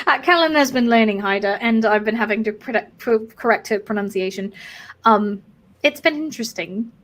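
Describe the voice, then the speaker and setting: A woman's voice: fairly high pitch, moderate pace. A woman with a British accent mixing South London and Sheffield with some American, tipsy from wine, rambling in a casual streamed chat as host. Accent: British mix of South London and Sheffield with an American tinge. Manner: rambling, discursive, chatty with fillers.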